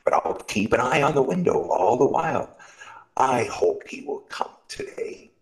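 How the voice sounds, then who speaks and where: A man's voice: mid-range voice, very animated, unhurried, voice pushed up, low-quality recording. A man reading aloud, voicing a kindly old male shopkeeper who is fretful and hopeful, with quavering, fussy exclamations. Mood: cheerful.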